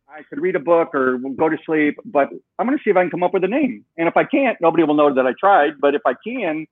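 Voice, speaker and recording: Man, animated storyteller, slightly high voice, tinny phone-like sound, dry. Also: fast, no room sound. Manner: animated storyteller, acts out quoted dialogue. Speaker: guest, software co-founder. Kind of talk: storytelling interview.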